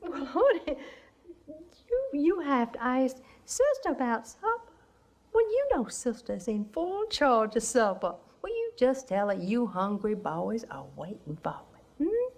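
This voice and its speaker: A woman's voice: high-pitched, big pitch swings, a little slow, a little mellow, full character voice. A chatty Southern belle mother. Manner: genteel, talkative, laughs often. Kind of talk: film drama acting.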